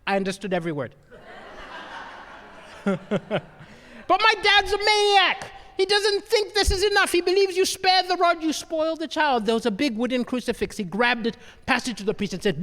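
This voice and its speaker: A man's voice: very high voice, moderate pace. A man doing a stand-up comedy set, telling stories and checking in with the crowd. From Malawi. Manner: animated storytelling, asks the crowd "right?". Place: comedy venue stage. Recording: long reverb of a hall.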